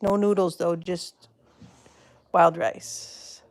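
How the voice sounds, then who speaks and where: A woman from Wisconsin, USA, speaks extremely slowly in a lowish, level voice with a Wisconsin accent. Hosting a livestream, she chats casually and answers viewers' comments by name.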